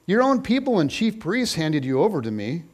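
A man's voice: sits high, sing-song, moderate pace, slightly rough, full character voice. A man voicing an uneasy male governor who questions a prisoner, as part of a scripture reading. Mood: questioning.

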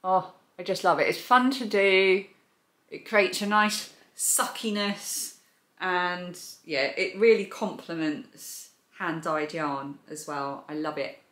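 A woman's voice: lowish voice, takes it slowly, a bit bright. A woman hosting a knitting and crochet vlog, chatting enthusiastically about her projects. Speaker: crochet and knitting channel host. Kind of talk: casual show-and-tell vlog. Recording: echoey room.

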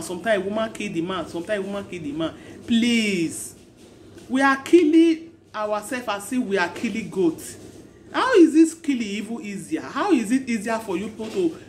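A woman's voice: mid-range voice, a little hiss or hum. A woman with a Nigerian accent giving marriage advice in an impassioned, repetitive, pleading monologue.

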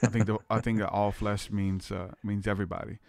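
A man hosting a podcast who speaks earnestly and thinks aloud, often pausing on fillers as he works out his ideas. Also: lowish voice, level tone, gravelly, a little mellow, no room sound. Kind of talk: reflective conversation.

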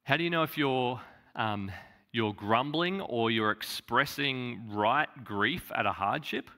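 A man's voice: mid-range voice, unhurried, sharp tone. A man preaching a sermon in an earnest way, repeating phrases for emphasis. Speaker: pastor.

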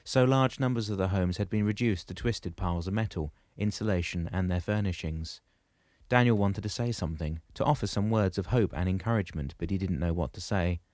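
A man reading a novel aloud in a steady, measured storytelling manner. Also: deep voice, no room sound, studio quality. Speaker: audiobook narrator. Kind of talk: scripted narration.

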